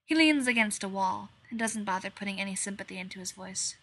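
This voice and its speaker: Bright-voiced woman reading dark fiction. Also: medium pitch, fast talker. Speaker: reader. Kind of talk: dark fan fiction narration.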